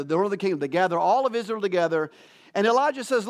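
A man's voice: sits high, fast. A man preaching a sermon, retelling a Bible story in a conversational way and acting out the quotes, with fillers and restarts. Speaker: pastor.

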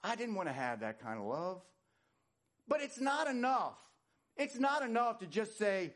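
A man preaching a sermon, animated, swinging from loud emphatic lines to hushed low ones. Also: a little slow. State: winded. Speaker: pastor.

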